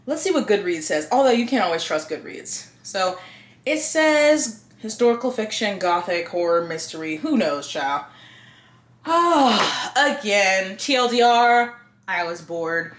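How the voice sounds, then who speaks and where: A woman reviewing books in a casual, blunt, expressive way and swearing freely. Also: mid-range voice, a little slow, reverberant, slight background noise. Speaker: book reviewer.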